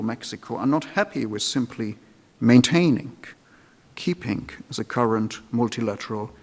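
A man with a mid-range voice delivers a formal public lecture in a lecture hall. He speaks with measured deliberation and sometimes starts a phrase over.

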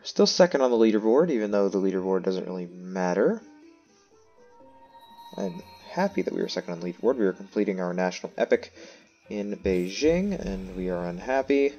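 A man's voice: deep voice, very animated, a little fast, mellow, dull audio, faint music behind. A man giving casual gameplay commentary, thinking aloud and making self-mocking asides. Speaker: let's play host.

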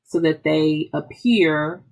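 Low husky-voiced woman giving a tutorial. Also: slow pace, darkish tone. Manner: patient step-by-step explaining with small restarts. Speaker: instructional technology trainer. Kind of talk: screen-recorded software tutorial.

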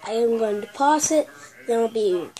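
A woman hosting a casual unboxing video, chatty and excitable, stopping often to correct herself. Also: fairly high pitch, normal speed, faint music behind, low-quality recording. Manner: chatty, excitable, stop-start with many self-corrections. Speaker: video host.

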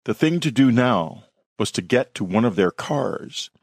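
Slow, measured male storyteller. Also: mid-range voice, lively intonation, creaky, breathy edge, no room sound, studio quality. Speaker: author reading his own story. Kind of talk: scripted horror story narration.

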